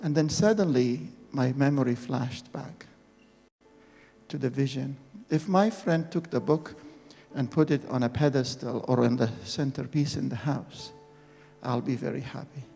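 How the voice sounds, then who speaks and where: Gravelly man preaching in echoing hall. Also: medium pitch, dark tone. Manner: earnest, halting storytelling with dramatic re-enactment. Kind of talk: personal testimony sermon. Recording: reverberant hall with faint music.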